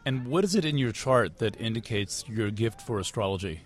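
A man's voice: on the low side, lively intonation, fairly quick, slightly rough. A man interviewing a guest, asking probing and lightly teasing questions, often restarting his sentences. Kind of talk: conversational interview.

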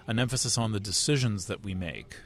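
A man from the United States interviewing at a conference, asking thoughtful questions with halting restarts. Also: lowish voice. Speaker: interviewer, astrology writer.

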